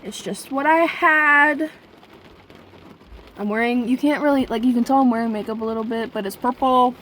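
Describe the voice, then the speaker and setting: Chatty young woman with a high voice. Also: moderate pace, a bit bright, slight background noise. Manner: rambling, chatty, with sudden profane outbursts; talks straight to her viewers. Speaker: vlogger. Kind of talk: casual storytelling vlog.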